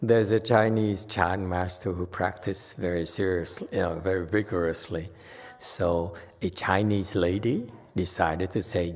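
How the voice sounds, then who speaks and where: Korean accented zen master guy telling stories in a dharma talk, kinda low voice, chuckles and restarts, long hall echo. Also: fairly even intonation. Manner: anecdotal storytelling with chuckles and halting restarts.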